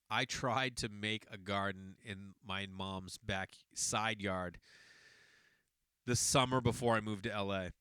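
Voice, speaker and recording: A man's voice: fairly low pitch, fairly even intonation, slow pace, bright, forceful tone, clean tone, dry recording, studio quality. A man in his forties from the Boston area, hosting a podcast and telling a long personal story in a rambling, self-correcting way. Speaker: podcast host. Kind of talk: casual storytelling monologue.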